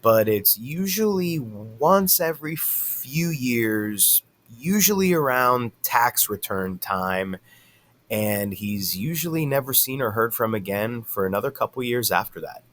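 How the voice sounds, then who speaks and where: A man hosting his own channel, narrating a story in a relaxed, wry, casual way. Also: medium pitch, unhurried, a little hiss or hum.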